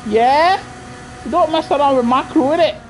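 A man with an extremely high-pitched voice streams a racing game live at normal speed, with a little hiss or hum from his gaming headset. He chats casually with viewers in slang and repeats himself.

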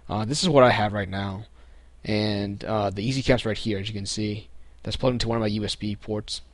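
A man's voice: fairly low pitch, fairly quick, dry recording. A young man talking casually through a step-by-step computer tutorial, with lots of ums and restarts. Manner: relaxed, many ums and restarts. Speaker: tutorial host. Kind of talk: casual screen-recorded tutorial.

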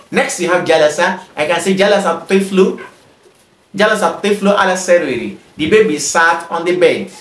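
A man teaching an Arabic grammar lesson, who reads example sentences quickly and then translates them slowly and patiently. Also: a little high, a bit bright. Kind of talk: explaining an Arabic grammar exercise in English. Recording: echoey room.

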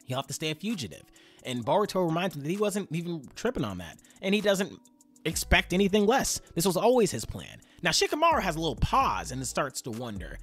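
A man with a slightly husky voice recaps a manga chapter in a loose, slangy way, his pitch swinging up and down as he talks. He speaks straight to his viewers like friends. Faint music plays underneath. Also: wildly swooping pitch, moderate pace, a bit bright. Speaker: anime and manga commentator.

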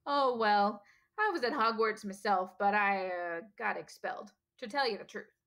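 A woman voicing a huge, bearded male gamekeeper who is gruff but kindly and speaks in a rough, folksy country dialect. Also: medium pitch, moderate pace, fairly bright tone, lightly acted. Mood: rueful.

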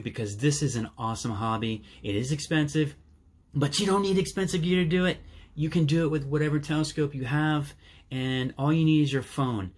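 A man's voice: mid-range voice, brisk. Eager man explaining his hobby gear. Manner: enthusiastic, eager, with fillers. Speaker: channel host. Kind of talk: casual explainer vlog.

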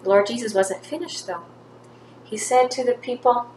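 A woman's voice: on the high side, normal speed, a little mellow. A woman teaching a third-grade class, telling a Bible story to children and acting out the quoted lines. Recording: echoey room, faint background noise.

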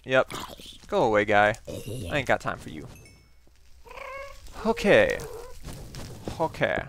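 A man talks through a game as he plays, chatty and easily excited, his pitch leaping up and down. A steady hiss of noise sits under the recording. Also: gravelly. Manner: chatty, excitable, jumps to high exclamations. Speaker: gaming channel host. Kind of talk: Minecraft let's play commentary.

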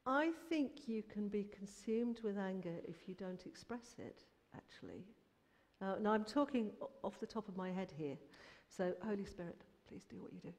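A woman's voice: mid-range voice, moderate pace. Earnest woman in her fifties, reverberant. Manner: earnest and animated, rising emphatic bursts. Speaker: Christian musician guest. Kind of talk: personal faith testimony in an interview. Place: church. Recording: long hall reverb.

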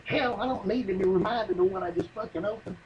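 A man's voice: high voice, quick pace, lo-fi sound, slight background noise. A man telling a rambling, profane comic yarn in folksy, drawling speech. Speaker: comedian telling a story. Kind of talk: stand-up comedy monologue.

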